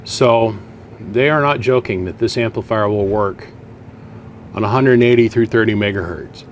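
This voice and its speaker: Man, lowish voice, folksy, chatty, explaining as he goes, home workshop, faint air conditioner hum. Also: normal speed. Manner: folksy, chatty, thinking aloud while explaining. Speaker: radio equipment hobbyist. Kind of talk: casual workshop vlog.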